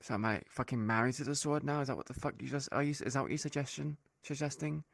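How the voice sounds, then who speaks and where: A man's voice: medium pitch, fairly even intonation, fast, creaky, fairly bright tone, dry recording. A man talking in character during a roleplay, blunt and dryly sarcastic, swearing casually. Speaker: roleplay player.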